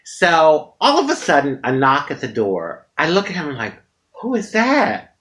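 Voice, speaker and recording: Woman, from the US, casual vlog storytelling, frank and dramatic, swinging pitch. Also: moderate pace. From United States. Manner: frank, animated, dramatic retelling with frequent laughter. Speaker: vlogger.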